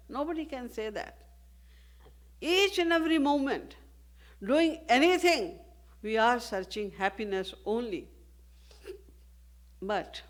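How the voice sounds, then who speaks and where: Slow, measured woman giving a devotional talk. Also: mid-range voice, a bit bright. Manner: measured, with rhetorical questions. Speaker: spiritual teacher. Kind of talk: devotional discourse.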